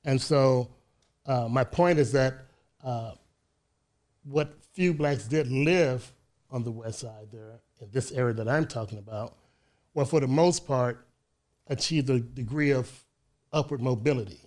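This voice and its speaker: A man in his sixties from Chicago with a Chicago accent, telling his life story as an interview guest in a measured way, often restarting his words. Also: mid-range voice, a little mellow. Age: 60s. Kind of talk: casual interview. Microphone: studio microphone.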